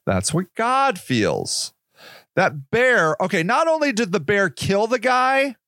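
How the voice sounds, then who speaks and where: A man's voice: high voice, bright, forceful tone, dry recording, studio quality. A man hosting a podcast, talking in a rambling casual monologue, swearing now and then and acting out little quoted voices. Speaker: podcast host.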